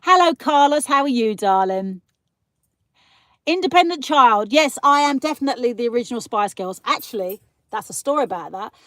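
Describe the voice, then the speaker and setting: A woman's voice: a little high, expressive, normal speed, fairly bright tone, dry recording. A British woman hosting a casual live stream, chatting and ranting as she answers viewer comments. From Britain. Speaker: livestream host.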